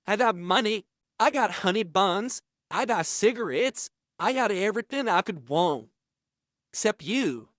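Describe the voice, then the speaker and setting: A man's voice: high-pitched, animated, a bit bright, no room sound, clean studio sound. Man doing a leering, drawling inmate. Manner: slow drawling voice with dropped grammar. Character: leering menacing male inmate, obsessive and creepy.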